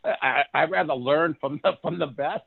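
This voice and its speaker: This co-host has a fairly quick, higher-pitched voice that sounds gravelly with a breathy edge. In casual chat he tells energetic stories, laughs often, and acts out voices along the way. The audio is narrow and tinny.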